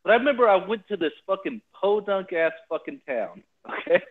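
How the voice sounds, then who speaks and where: A man's voice: high voice, animated, a little fast. A man co-hosting a podcast, chatting in casual, profane banter. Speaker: podcast co-host. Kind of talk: casual chat. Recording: tinny phone-like line.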